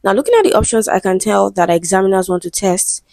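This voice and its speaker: A woman's voice: medium pitch, lively intonation, fast talker, vocal fry, a little mellow, dry recording. A woman, an English exam tutor, working through answers step by step and often checking in with "right?". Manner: methodical, checks in with "right?" and "okay".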